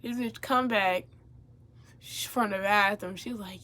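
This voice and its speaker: A young woman telling a story casually as she gets ready on camera, animated and profane, turning loud when she gets riled up. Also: mid-range voice, a little slow. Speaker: vlogger.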